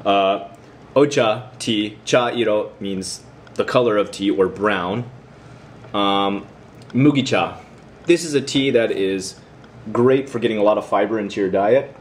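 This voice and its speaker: A man's voice: fairly low pitch, unhurried, slight background noise. An American man giving a casual video lesson, chatty and teasing as he quizzes the viewer. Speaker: vlogger teaching about Japan.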